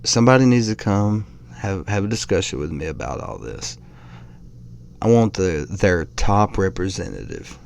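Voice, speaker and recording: A man's voice: sits low, very animated, normal speed, vocal fry, darkish tone, slight background noise. Blunt, profane man reacting on a podcast. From American South. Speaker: podcast host. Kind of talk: casual reaction commentary.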